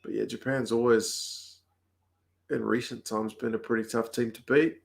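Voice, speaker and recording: A New Zealand man hosting a livestream, chatting casually and answering viewer comments aloud in a relaxed, talkative way. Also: mid-range voice, normal speed, creaky. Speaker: livestream host. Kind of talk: casual chat reading comments.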